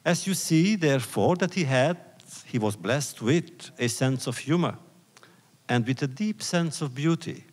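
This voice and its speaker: A man giving a public lecture, retelling old rabbinic stories in a slow, deliberate, reflective way. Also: medium pitch, lively intonation. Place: lecture hall. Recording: long hall reverb.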